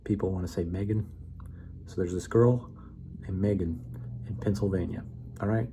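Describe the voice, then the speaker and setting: A man's voice: low voice, steady tone, normal speed, warm tone, slight background noise. A man giving a casual, rambling monologue that builds a memory story, playful and correcting himself as he goes. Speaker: vlogger.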